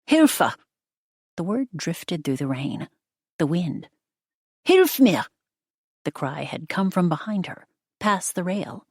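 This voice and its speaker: Audiobook narrator: woman, low pitch, measured, dry studio read. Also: dry recording. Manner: steady, measured storytelling. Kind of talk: scripted narration.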